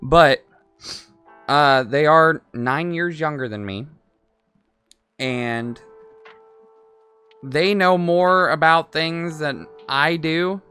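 A man's voice: on the high side, drawn-out words, long pauses, pushed and bright, smooth, faint music behind. A man in his twenties chatting casually while building a toy, rambling, talking to himself and swearing freely. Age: 20s. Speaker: streamer.

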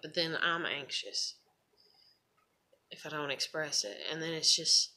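Mother in her thirties for a home vlog: lowish, bright voice, rambling and frustrated, curses casually. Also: fairly even intonation, unhurried, long pauses. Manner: rambling, frustrated, swears freely. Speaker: mother vlogging.

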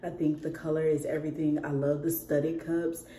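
Sick, chatty woman vlogger with a low voice. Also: level tone, moderate pace, mellow, slight background noise. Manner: chatty, laughs often, talks straight to viewers. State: sick, losing her voice. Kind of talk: casual chat to camera. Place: at home indoors.

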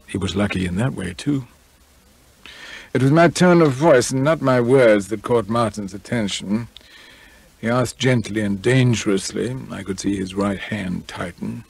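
Gravelly low-voiced male audiobook reader. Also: darkish tone, no echo. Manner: measured, dry, understated. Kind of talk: first-person novel narration.

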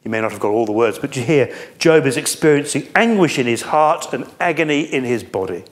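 A man's voice: mid-range voice, animated, a little fast. A man preaching a sermon, explaining a scripture text in an earnest manner and putting questions to his listeners.

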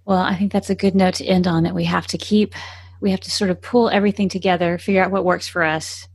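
Husky low-voiced woman co-host. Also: steady tone, quick pace. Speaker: podcast co-host. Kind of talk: casual podcast chat.

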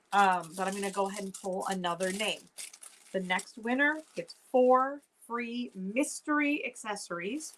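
A woman's voice: mid-range voice, fairly bright tone. A woman hosting a live online jewelry sale, chatting in an upbeat way straight to her viewers. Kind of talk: casual live-stream selling chat.

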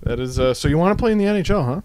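A man's voice: a little high, lively intonation, darkish tone, clear, resonant tone. A man co-hosting a podcast, chatting casually and cracking jokes. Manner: joking, laughs while reading, quick asides. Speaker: podcast co-host. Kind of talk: casual chat, reading out a quoted story.

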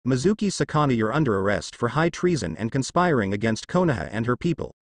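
A man's voice: mid-range voice, big pitch swings, fast talker, no room sound, clean studio sound. A man voicing a stern masked male ninja officer making a formal arrest.

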